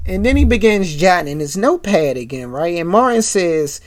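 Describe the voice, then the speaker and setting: A man's voice: high-pitched, very animated, normal speed, hardly any pauses. A man hosting a podcast, casually retelling a sitcom episode and acting out every character. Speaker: podcast host.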